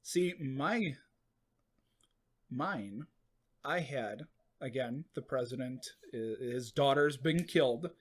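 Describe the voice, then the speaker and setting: A man's voice: medium pitch, takes it slowly, pauses often. A man co-hosting a casual podcast with dry, wry asides. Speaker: podcast co-host. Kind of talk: casual chat.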